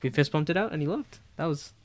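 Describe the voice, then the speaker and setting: A man's voice: a little high, fast talker, no echo. A man co-hosting a podcast in casual chat, telling a work story steadily and giving short agreeing replies. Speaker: podcast co-host.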